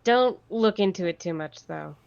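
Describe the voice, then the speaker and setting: Teasing female player with a low, gravelly voice. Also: lively intonation, moderate pace, darkish tone, dry recording. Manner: playful, teasing. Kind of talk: casual tabletop play. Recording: muffled lo-fi audio.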